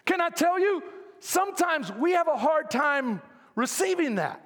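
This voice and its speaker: A male pastor preaching a sermon in a church, talking in an animated, conversational way and calling out to his congregation. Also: very high-pitched, unhurried. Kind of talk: lively sermon. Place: church sanctuary. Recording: long reverb of a church hall.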